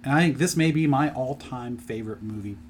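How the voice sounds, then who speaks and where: A middle-aged man chatting on a podcast, rambling as he retells a story with plenty of ums and uhs. His voice sits at an ordinary pitch for a man, with a faint hiss of noise behind it. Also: fairly quick. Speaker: podcast co-host presenting his picks. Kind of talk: casual chat.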